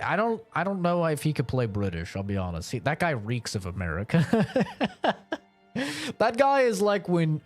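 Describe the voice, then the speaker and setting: A young man streaming and chatting casually, rambling and joking with a lot of swearing. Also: fairly high pitch. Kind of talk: casual chat.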